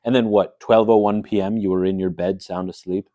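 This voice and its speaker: A man playing a stern talk show host, dry, scolding, low warm voice. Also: steady tone, a little fast, no echo, highs cut off, lightly acted. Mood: probing. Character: stern late-night host Uncle Fran, man. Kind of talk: improv sketch comedy.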